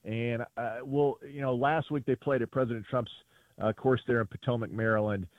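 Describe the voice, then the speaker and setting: A man's voice: mid-range voice, moderate pace, dry recording. A man, a golf reporter, telling stories in a phone-in radio interview and acting out the voices he quotes. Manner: animated storyteller, acts out quoted voices. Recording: tinny phone line.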